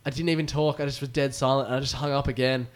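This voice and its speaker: A man's voice: mid-range voice, fast talker. A young male radio host in casual banter, telling a story and acting out what people said. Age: young adult. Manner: animated storyteller, acts out the dialogue.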